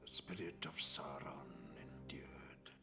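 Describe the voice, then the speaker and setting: An actor playing a stern, wise old wizard who speaks gravely and booms when angered, from a film soundtrack. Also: male voice, steady tone, slow, in a whisper, music in the background, heavily acted. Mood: grave warning. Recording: film audio with score behind.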